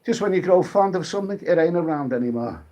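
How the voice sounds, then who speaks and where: A man's voice: fairly high pitch, lively intonation, quick pace, warm tone. Rambling, chatty British man hosting a live stream. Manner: rambling, chatty, restarts often, reads viewer comments aloud. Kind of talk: casual late-night live stream chat.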